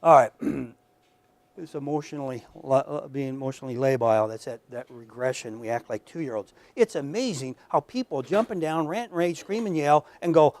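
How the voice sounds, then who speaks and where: A man's voice: on the high side, expressive, a little fast, a little mellow, no room sound. A man lecturing at a workshop in a conversational, emphatic way, often repeating words and speaking straight to his audience. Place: lecture room.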